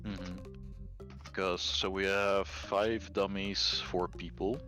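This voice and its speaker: A man's voice: deep voice, little pitch movement, takes it slowly, bright, forceful tone, soft background music. A young man streaming a game with a friend, laying out the plan step by step and chuckling along. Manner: explains plans step by step, chuckles. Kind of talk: casual let's-play chat.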